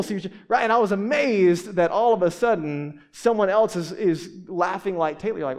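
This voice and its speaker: A male pastor in his forties delivers a sermon. His voice sits a little high for a man, and he talks to the congregation in a loose, conversational way, often doubling back and adding asides. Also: brisk, hardly any pauses. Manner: casual, conversational preaching with frequent restarts and asides.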